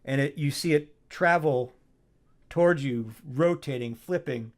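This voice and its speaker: A man's voice: medium pitch, unhurried. A man narrating a tabletop game as dungeon master, describing scenes and speaking for characters.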